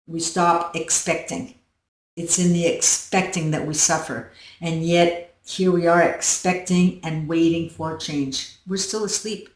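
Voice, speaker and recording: A woman hosting her own channel, giving a slow, earnest self-help talk that she drifts into softly. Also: fairly low pitch, steady tone, far from the mic. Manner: slow, earnest, storytelling with soft dips in volume. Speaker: channel host. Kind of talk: reflective self-help monologue. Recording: roomy echo, voice set back from the mic.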